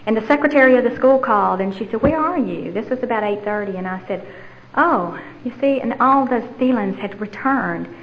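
Middle-aged woman, personal testimony, candid storyteller, mid pitch, dull recording. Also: fast. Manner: candid, storytelling, repeats phrases for rhythm. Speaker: speaker sharing her recovery story.

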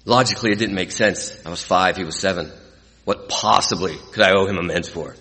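A low-voiced, forceful middle-aged man from California tells his recovery story to a live audience. He is earnest and emotional, dropping to a hush and then lifting again. His voice rings with the long reverb of a large hall. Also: fairly quick. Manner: earnest, emotional, swings from hushed to lively. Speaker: recovery speaker. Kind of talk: personal testimony to an audience.

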